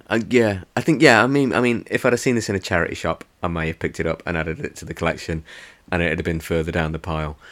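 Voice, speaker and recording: A man hosting a podcast, giving a casual, rambling book review full of hesitant restarts. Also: low-pitched. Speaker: podcast host.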